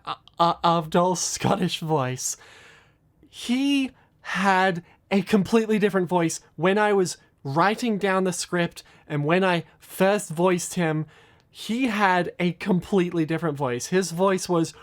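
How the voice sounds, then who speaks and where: Rambling, self-deprecating video creator, chatty and unscripted. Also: mid-range voice. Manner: rambling, self-deprecating, many fillers and restarts. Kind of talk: casual commentary vlog.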